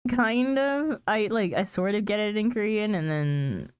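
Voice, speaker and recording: Chatting easily with her audience, this female streamer reads out chat messages, laughs often and leans on "like" as filler. She speaks at a moderate pace in a mid-range, slightly mellow, smooth voice, recorded dry.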